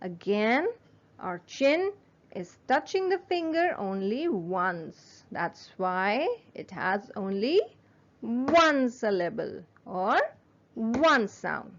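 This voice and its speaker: Slow, patient woman teaching phonics. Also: on the high side, very animated, muffled recording. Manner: slow, patient, sounding words out. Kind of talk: children's phonics lesson.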